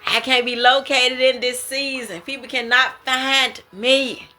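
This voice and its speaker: A woman speaks in an unhurried, drawn-out way, her voice bright and forward. She is sharing her dreams as a casual monologue, exclaiming and laughing often in slangy, emphatic talk. Soft music plays faintly behind her. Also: high voice, fairly even intonation. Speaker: creator sharing prophetic dreams.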